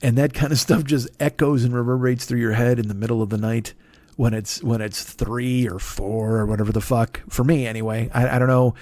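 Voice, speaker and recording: A man's voice: mid-range voice, steady tone, a little fast, a little mellow, dry recording. A man in his fifties hosting a comedy podcast, rambling in a profane, self-deprecating monologue. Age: 50s. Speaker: podcast host.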